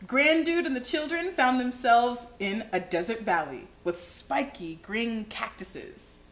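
A woman hosting a children's livestream, reading a picture book aloud with animated expression. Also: fairly high pitch, measured pace. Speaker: children's show host. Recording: echoey room.

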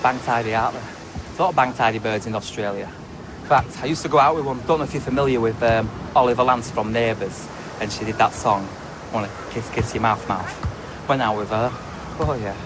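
A man's voice: mid-range voice, fairly quick, over music, lightly acted. An actor playing a brash, boastful and crude young man in a comedy sketch, full of cheeky insults. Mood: chatty. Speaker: comic character.

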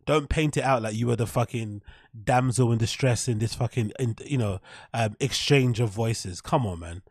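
A man riffs over a podcast clip in casual stream commentary, sarcastic and quick to laugh. His voice sits mid-pitch and sounds close and dry, with no room around it. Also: darkish tone, breathy edge, no echo. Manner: sarcastic, mocking, laughing often.

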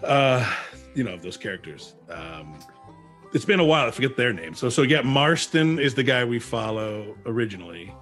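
A male actor chats as an interview guest, telling stories with a voice that rises and falls expressively. He is at mid pitch and talks with many quick restarts and asides. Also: faint music behind. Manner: animated storyteller, many restarts. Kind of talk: casual interview chat.

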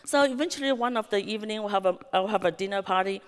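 In a large conference hall with a long, echoing reverb, a woman with a Chinese accent tells the story of founding her real estate business. She speaks fast at a medium pitch, full of lively anecdotes, acted-out quotes, and plenty of "you know" fillers.

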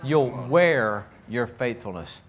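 A man preaching a lively, joking sermon as pastor of a church, acting out little voices as he goes. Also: medium pitch, slow. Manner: animated, jokey, acts out voices.

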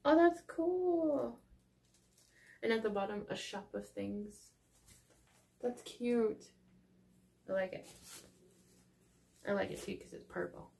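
Gushing Texan woman, gravelly voice. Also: mid-range voice, fairly even intonation, a little slow, long pauses. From Texas. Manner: gushing, chatty, drifting into soft near-whispers. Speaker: unboxing vlogger. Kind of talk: casual unboxing chat. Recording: noisy home recording.

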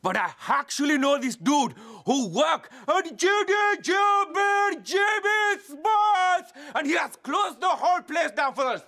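A manic, crude spoon-bender. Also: male voice, very high-pitched, moderate pace, creaky, hardly any pauses, full character voice. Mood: excited. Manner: broken English, excitable, crude, hypnotic patter. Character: eccentric male spoon-bending psychic impression.

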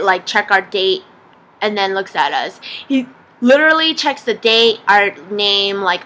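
A young adult woman vlogging, telling a story in a casual, animated way, laughing often and saying "like" a lot. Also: a little high, a little hiss or hum.

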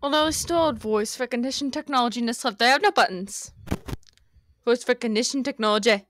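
A woman's voice: fairly high pitch, brisk, a little hiss or hum, lightly acted. A woman voicing an exasperated Scottish woman stuck in a lift, in a put-on Scottish accent, for a comedic fan dub. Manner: exasperated, building to furious yelling. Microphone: close, hot mic.

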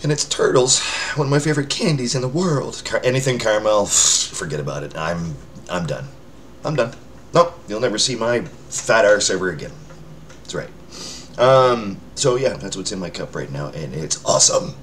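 A man's voice: fairly low pitch, expressive, moderate pace, a bit bright, a little hiss or hum. A man casually chatting to his followers, rambling and poking fun at himself. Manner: rambling, self-mocking, with filler words and restarts. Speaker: vlogger checking in with followers. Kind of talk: casual rambling chat to camera. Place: indoors under a lamp near a window.

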